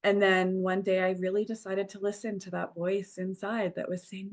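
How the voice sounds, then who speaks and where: A woman's voice: medium pitch, flat delivery, moderate pace, few pauses. A woman in her forties, a divorce coach, telling her story in a podcast interview in an earnest, reflective way. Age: 40s.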